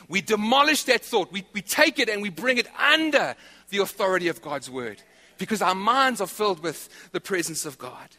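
High, bright-voiced preaching man. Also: moderate pace, long reverb tail. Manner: animated preaching with repetitions. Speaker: pastor. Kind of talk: sermon. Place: church hall.

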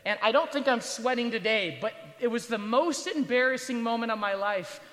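A man in his thirties preaches to students with a very high, strikingly bright voice. He keeps it conversational, tossing in jokes and quick asides. His voice rings out through the long reverb of a big chapel hall. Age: 30s. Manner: conversational and joking, with rhetorical asides. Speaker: pastor. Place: large university chapel, standing at the altar.

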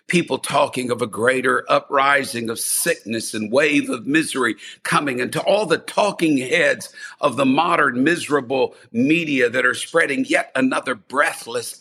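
A man's voice: mid-range voice, sharp tone, breathy edge. A male pastor preaching a fervent sermon with repeated refrains and calls to the congregation.

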